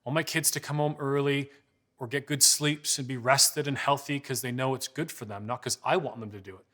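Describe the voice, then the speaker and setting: A man in his forties gives a parenting talk with slides in a mid-range voice that is steady in tone, brisk, pushed and bright. He tells stories conversationally and acts out the dialogue.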